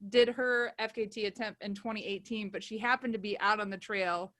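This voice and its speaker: A woman's voice: medium pitch, fairly even intonation, fairly quick, a bit bright. A woman co-hosting a podcast, asking questions in an enthusiastic, giggly, casual way. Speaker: podcast co-host.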